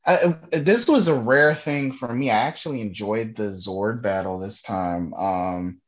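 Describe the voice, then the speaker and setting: A man's voice: fairly low pitch, measured pace. A man co-hosting a podcast, chatting casually in an easygoing way and often murmuring agreement. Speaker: podcast co-host. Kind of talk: casual chat. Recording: dull lo-fi audio.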